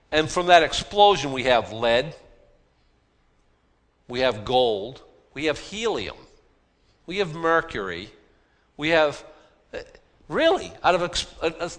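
A man's voice: fairly high pitch, a bit bright. A man preaching a sermon in a folksy, self-deprecating way, full of rhetorical questions.

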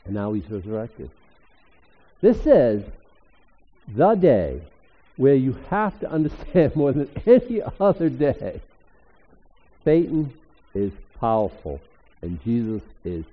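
An older man preaching a sermon as pastor, emphatic and animated, rising suddenly to loud exclamations. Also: medium pitch, takes it slowly, pauses often. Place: church hall. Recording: echoey hall, tinny phone-like sound.

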